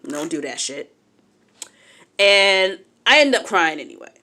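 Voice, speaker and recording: A woman's voice: lowish voice, a little slow. A young adult woman telling a personal story in a casual, candid way, acting out what others said. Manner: animated, candid, acts out quotes.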